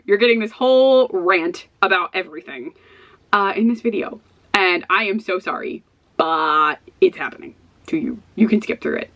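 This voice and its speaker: A woman's voice: medium pitch, fairly bright tone, muffled recording. Rambling, stressed woman vlogging. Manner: rambling, self-deprecating, laughs between phrases. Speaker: book vlogger. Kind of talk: casual vlog chat. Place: her home office.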